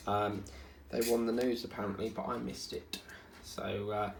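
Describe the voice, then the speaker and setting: A man rambles casually as he works on his craft, his voice rough with a gravelly fry. He is recorded in an echoey room at home with faint noise behind him. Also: lowish voice, flat delivery, normal speed. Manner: rambling, chatty, hums and sings snippets. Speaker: diamond painting vlogger. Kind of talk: casual chat while crafting.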